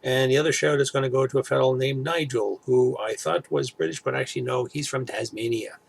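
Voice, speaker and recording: Dude in his middle years, kinda gravelly voice, just rambling at the camera with lots of uhs. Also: mid-range voice, steady tone. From Toronto area, Canada. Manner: rambling, halting, many fillers and restarts. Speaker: vlogger. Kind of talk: casual chat to camera.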